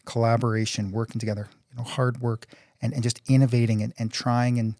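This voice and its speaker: Fast-talking middle-aged man, earnest. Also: medium pitch, flat delivery, warm tone, no room sound. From Canada. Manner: fast, earnest, with frequent restarts. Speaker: city council candidate and oil company CEO. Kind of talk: casual interview conversation.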